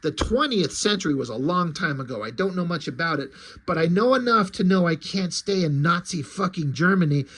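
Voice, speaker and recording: A man voicing a grim male time-traveling soldier's inner thoughts in a low mutter. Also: lively intonation, fairly quick, a bit bright.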